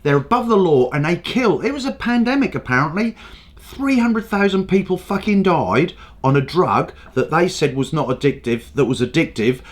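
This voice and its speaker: Sweary, animated man ranting. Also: a little high, normal speed. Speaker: host. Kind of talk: ranting comedic commentary.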